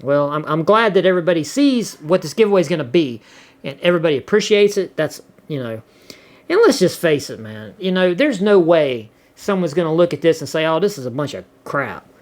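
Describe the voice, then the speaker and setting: A middle-aged man talks easygoing and loose, stumbling over words and doubling back as he reads viewer comments. His voice sits a little higher than most men's. The whole thing feels like an unscripted chat with his audience. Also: expressive, a little fast. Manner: laid-back, rambling, repeats words and restarts often. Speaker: channel host reading viewer comments. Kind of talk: casual chat.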